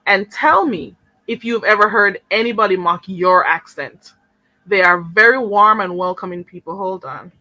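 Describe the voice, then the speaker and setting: A woman's voice: medium pitch, normal speed, sharp tone, no echo, poor audio. A young woman hosting a live stream, talking to viewers in an indignant, sarcastic way with mocking mimicry. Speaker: channel host.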